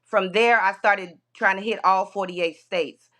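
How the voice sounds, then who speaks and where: A woman's voice: medium pitch, steady tone, a little slow, bright, forceful tone. Rambling woman telling a road story. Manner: rambling, with many restarts and "you know"s. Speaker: podcast guest, motorcyclist. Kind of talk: storytelling in a podcast interview.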